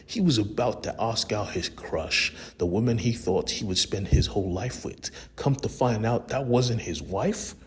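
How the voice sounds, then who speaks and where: Low, crisp-voiced man recapping a comic. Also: normal speed, few pauses. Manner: casual, slangy, talks straight to the viewer. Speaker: comic book recap host. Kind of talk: casual comic recap narration.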